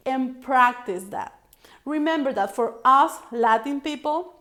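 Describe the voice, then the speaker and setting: Woman, high voice, slow measured pace, English coaching talk, emphatic, checks in with the listener. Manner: emphatic, checks in often with "right?". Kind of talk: coaching video talk to camera.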